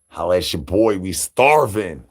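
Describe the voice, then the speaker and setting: Low-voiced and expressive, a man hosts a livestream at an unhurried pace. He rambles absurd rhyming slang in character as a zombie hungry for brains, all part of a comedic rant.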